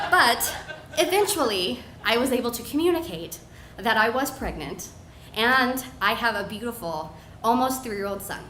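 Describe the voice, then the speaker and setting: A woman's voice: on the high side, big pitch swings, moderate pace, noisy background. A woman in her thirties telling a personal story live on stage, acting out her own self-mocking inner voice. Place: bar with live audience. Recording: echoey room, faint ambience.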